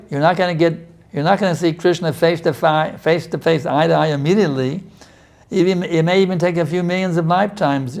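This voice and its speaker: A spiritual teacher with a fairly high, gravelly voice and darkish tone answers questions in a laid-back scripture class. He talks conversationally, restarting often and adding "you see," and now and then pleads intensely as he acts out prayers.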